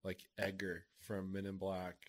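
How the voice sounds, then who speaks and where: A deep-voiced man co-hosts a relaxed podcast. He mostly answers with quick agreements and slips in dry, offhand jokes. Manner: dry quips, frequent short agreements. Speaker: podcast co-host. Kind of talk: casual chat.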